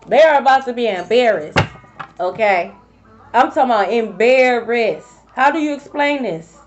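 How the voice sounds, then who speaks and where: A woman giving a collective tarot reading, blunt and profane, repeating her points for emphasis. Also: a little high. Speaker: tarot reader. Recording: dull lo-fi recording.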